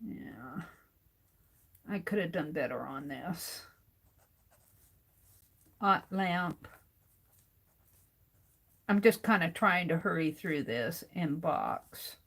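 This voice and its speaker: For her art vlog, a middle-aged woman sketches and casually thinks aloud about her next drawing, speaking slowly and musingly to herself. Her voice is on the low side and slightly rough, with a fairly bright tone and expressive delivery.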